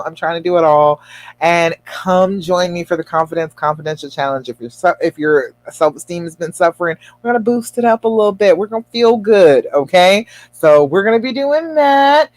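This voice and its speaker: A woman relationship coach talking casually to viewers on a livestream, telling a story in an animated, encouraging way. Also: lowish voice, a little fast, no room sound. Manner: chatty storytelling, animated and expressive; encouraging, addresses viewers directly.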